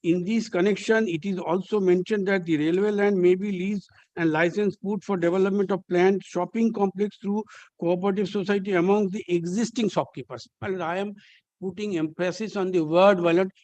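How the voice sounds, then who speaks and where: A man's voice: high voice, fairly even intonation, normal speed, darkish tone, no room sound. A man with an Indian English accent arguing as a lawyer in a courtroom, pleading insistently with many restarts. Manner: insistent, pleading, filler-heavy with repeated restarts. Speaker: lawyer arguing before a judge. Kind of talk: courtroom argument.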